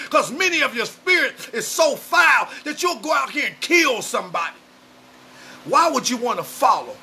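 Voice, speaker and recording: A man preaches to camera with a very high, sharp, gravelly voice that often rises to a shout. He talks loud and emotional. A faint hiss sits under the recording. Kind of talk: fiery street sermon to camera. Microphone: camera mic, speaking to camera.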